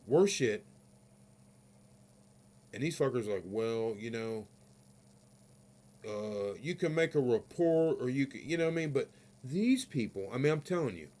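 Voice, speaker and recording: A man's voice: mid-range voice, darkish tone. Heated, profane male vlogger ranting. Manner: peppers talk with "you know what I mean". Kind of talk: ranting vlog storytelling.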